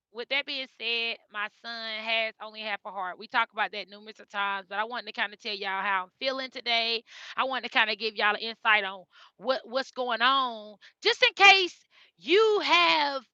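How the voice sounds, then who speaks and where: A woman in her thirties talks straight to her viewers in a high, piercingly bright voice, circling back and repeating herself as she tells an emotional family story. The recording is dry and a little dull. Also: normal speed, no echo. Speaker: mother and vlogger.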